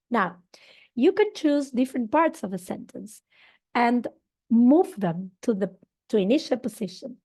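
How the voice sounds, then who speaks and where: A woman's voice: fairly high pitch, a little mellow. A woman teaching an online English grammar lesson, explaining patiently with fillers and check-ins, a Spanish speaker teaching in English.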